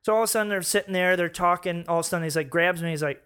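A man telling a story in a casual group chat, animated and swearing, laughing often. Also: high voice, rapid-fire, clear, resonant tone. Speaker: storyteller guest.

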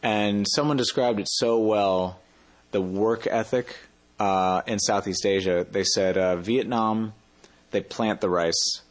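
A man's voice: lowish voice, fairly even intonation, slow pace. A man telling a travel story in a casual interview, rambling and often correcting himself mid-sentence. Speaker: interview guest.

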